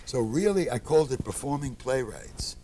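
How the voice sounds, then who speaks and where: A man being interviewed, telling relaxed anecdotes and acting out the people in them. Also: mid-range voice, moderate pace, slight background noise. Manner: animated, acts out quoted people. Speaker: interview guest, theater producer.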